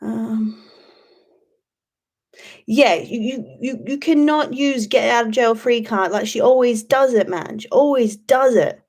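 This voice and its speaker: A woman's voice: fairly high pitch, unhurried, a little mellow. A woman hosting a casual livestream, rambling, swearing freely and answering chat. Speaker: YouTube livestream host.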